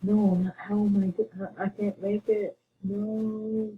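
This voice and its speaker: A man giving excitable gaming commentary, bursting into panicked yelling and muttering asides under his breath. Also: high-pitched, unhurried. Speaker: gamer. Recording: tinny phone-like mic with faint hiss.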